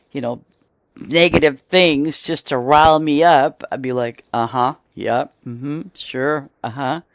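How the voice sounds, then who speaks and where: A woman's voice: sits low, no room sound, clean studio sound. A middle-aged woman streaming a game, chatting casually in a rambling way with many restarts and asides.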